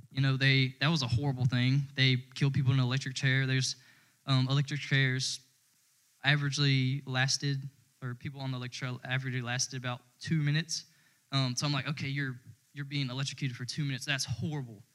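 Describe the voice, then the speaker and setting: A man's voice: mid-range voice, level tone, fast talker, fairly bright tone, clear, resonant tone, poor audio. A man giving a sermon in a casual, conversational way, rambling with frequent restarts. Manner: informal and rambling, many fillers and restarts. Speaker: church speaker.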